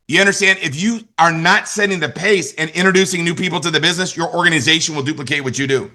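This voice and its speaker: A man's voice: a little high, quick pace, hardly any pauses, sharp tone. A man in his forties giving a motivational business training talk, emphatic and repetitive, often checking in with his listeners. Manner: emphatic, repeats key lines, asks "you understand?". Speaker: network marketing trainer.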